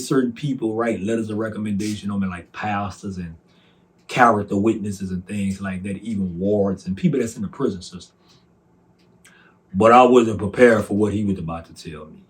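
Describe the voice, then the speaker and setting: A man in his forties with a fairly low voice tells his personal testimony. He speaks softly and earnestly, acting out both sides of a past conversation. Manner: recounts dialogue by voicing both sides, soft and earnest.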